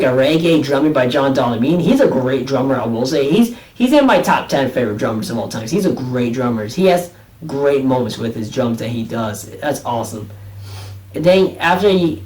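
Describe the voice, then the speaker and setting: A man giving a casual, excitable album review, rambling with many restarts and repeated phrases. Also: fairly high pitch, recorded from a distance. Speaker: music reviewer.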